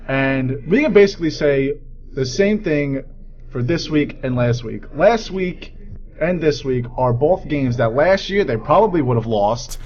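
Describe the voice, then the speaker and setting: A man's voice: medium pitch, darkish tone, highs cut off, a little hiss or hum. A young man hosting a college radio sports show from a campus studio, talking in a chatty, upbeat way. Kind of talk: casual sports talk.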